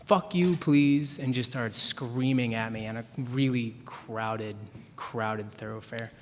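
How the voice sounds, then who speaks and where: A man's voice: on the low side, flat delivery, measured pace, a bit bright, a little hiss or hum. A young man from Chicago, a writer on a panel, telling rambling, self-deprecating stories and laughing at himself. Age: young adult. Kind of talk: anecdotal storytelling. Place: event hall with an audience. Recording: long reverb in a hall.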